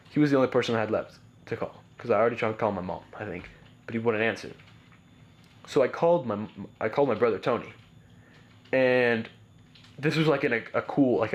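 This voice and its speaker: Guy on a podcast telling his story, rambly, lots of like and bro, mid pitch. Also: quick pace. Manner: rambling, heavy use of "like" and "bro", frequent restarts. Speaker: podcast guest. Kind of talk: casual personal storytelling.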